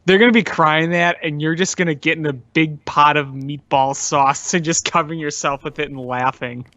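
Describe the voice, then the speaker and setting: A man co-hosting a casual sports podcast, chatty and quick to joke and laugh. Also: on the high side, fairly even intonation, pushed and bright, no room sound, lo-fi sound. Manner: chatty, laughs easily, riffs on jokes. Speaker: podcast co-host. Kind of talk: casual sports talk chat.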